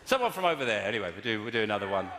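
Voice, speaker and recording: Racing along in a lowish, sing-song voice, a man from England does stand-up at a live venue, bantering with the crowd in a rambling, self-correcting, mock-outraged way. Heavy noise from the audience fills the echoey hall.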